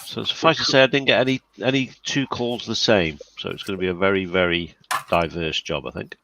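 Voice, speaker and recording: A man's voice: low voice, a little fast, vocal fry, background noise. A man co-hosting a casual livestream chat, wry and understated, talking into a computer mic. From United Kingdom. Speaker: co-host.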